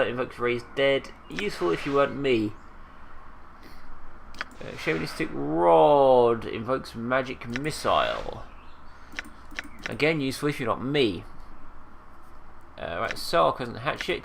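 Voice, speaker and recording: A man's voice: mid-range voice, gravelly, a bit bright, slight background noise. A man giving casual, rambling let's-play commentary, hesitant and full of fillers. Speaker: game commentator.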